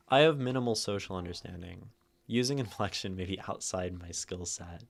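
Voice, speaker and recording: A man hosting a poetry livestream, thinking out loud to chat, shifting word stress and checking in with "right?". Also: deep voice, a little fast, gravelly. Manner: thoughtful, tags phrases with "right?"; plays with stress, rereading lines different ways. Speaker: streamer hosting a poetry reading. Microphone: streaming mic and camera.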